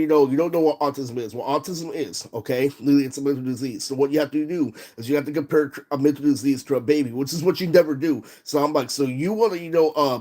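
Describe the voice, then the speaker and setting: A man's voice: a little high, darkish tone. A young man ranting on a livestream, rambling and profane with constant fillers.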